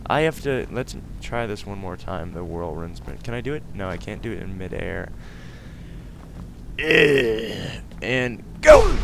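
A young man giving casual let's-play commentary, excitable and silly, breaking into sudden loud outbursts and laughs. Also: sits low, a little hiss or hum. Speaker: gaming video host.

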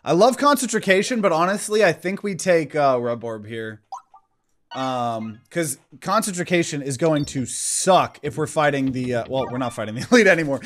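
A man's voice: fairly high pitch, expressive, moderate pace. A man giving casual let's-play commentary, thinking aloud as he plays. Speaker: gaming channel host.

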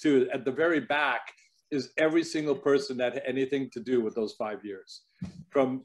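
Relaxed man reminiscing with many fillers. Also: medium pitch. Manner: relaxed, filler-heavy, reflective. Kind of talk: casual recollection.

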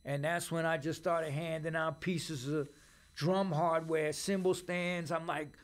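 A middle-aged man with a New York accent telling profane, animated stories in a casual interview. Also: a little high, measured pace. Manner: profane, animated storyteller who acts out quoted voices. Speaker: podcast guest.

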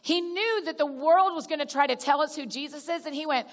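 A woman with a high-pitched, slightly fast voice is a guest speaker giving a conversational sermon at a church gathering. Chatty and direct, she calls the crowd y'all, restarts sentences, and acts out little prayers. The large church auditorium leaves a long reverb on her voice.

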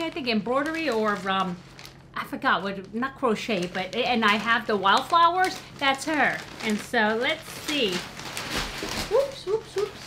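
Gushing, excitable woman vlogger. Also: on the high side, background noise. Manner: gushing and excitable, with gasps and soft exclamations. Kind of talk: casual unboxing chat.

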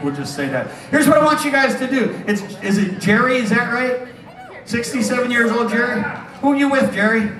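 A middle-aged stage hypnotist with a high voice works a casino crowd with comedic banter, wisecracking, teasing the audience and often chuckling at his own jokes. He sounds animated, fairly quick, bright and forceful. He's recorded from a distance in an echoing showroom.

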